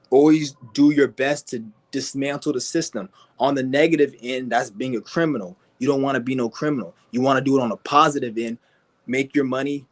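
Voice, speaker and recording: A male vlogger delivers a profane, aggressive rant, mocking and swearing nonstop. He imitates people by putting on high, whiny voices.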